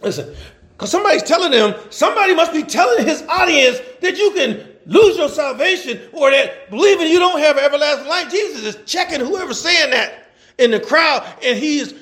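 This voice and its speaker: A man with an unusually high voice preaching a sermon. He stretches out scripture lines, keeps checking in with the congregation, and slips into chuckling conversational asides between fervent stretches. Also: sing-song, fairly bright tone. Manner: fervent, calls out to the congregation, drawn-out scripture reading.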